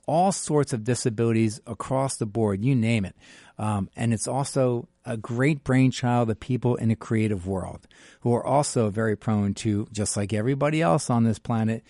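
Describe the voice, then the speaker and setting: A man's voice: mid-range voice, no echo, studio quality. A man hosting a live radio talk show, chatty and jokey, reading a piece aloud and interviewing a guest. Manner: chatty, jokey, animated asides.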